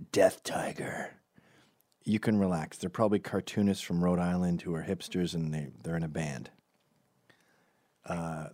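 A middle-aged man hosts a commentary show, delivering a comedic opinion monologue that's sardonic and profane, often mocking people in put-on voices. His voice is low-pitched and a little mellow with vocal fry, recorded clean in a studio with no echo.

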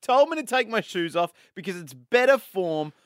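Animated Australian radio host. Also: male voice, sits high, moderate pace, no echo, clean studio sound. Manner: animated, indignant storytelling with mocking voices. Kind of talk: breakfast radio banter. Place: radio studio. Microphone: studio microphone.

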